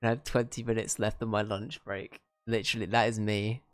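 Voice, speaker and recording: A man's voice: on the low side, level tone, brisk, dry recording. A young Englishman chatting casually and rambling with self-mocking humour while streaming a game. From England.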